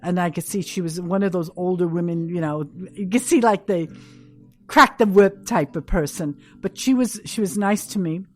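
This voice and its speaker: An older woman from New York, a podcast guest, recounting memories in an animated, emphatic way. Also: on the low side, normal speed, soft background music. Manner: animated, emphatic, acts out quotes. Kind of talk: casual storytelling interview.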